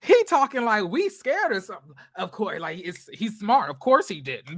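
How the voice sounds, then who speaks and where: A man vlogging reaction commentary in a sassy, slangy way, swinging between loud outbursts and muttered asides. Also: sits high, big pitch swings, moderate pace, no room sound, studio quality.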